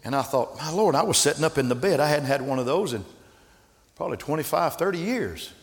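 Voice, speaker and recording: A man preaching a sermon as pastor, moving between quiet storytelling and shouted calls to the congregation. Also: a little high, animated, fairly quick. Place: large church hall. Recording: echoey church hall with congregation.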